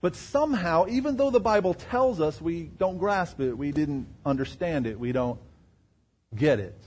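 A man preaching a sermon, firing rhetorical questions at the congregation and swinging between loud emphatic bursts and quiet, low asides. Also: expressive, moderate pace, breathy edge. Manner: asks the crowd rhetorical questions. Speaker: pastor.

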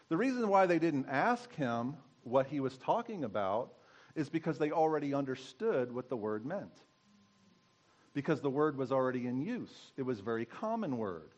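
A man's voice: medium pitch, muffled recording. Man preaching a casual teaching sermon. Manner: conversational teaching, asks the congregation questions. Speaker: pastor.

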